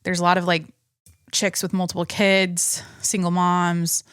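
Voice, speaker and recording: A woman's voice: lowish voice, level tone, unhurried, fairly bright tone, clear, resonant tone, no room sound, clean studio sound. A young pregnant woman hosting her own podcast, talking in a rambling, chatty way with many restarts and small laughs. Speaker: podcast host. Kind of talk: casual solo podcast chat.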